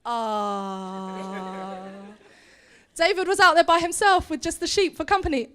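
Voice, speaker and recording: Animated high-voiced woman telling a story. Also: moderate pace. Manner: animated, acts out characters with put-on voices. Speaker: seminar speaker. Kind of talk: lively Bible storytelling to a group. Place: meeting hall or seminar room.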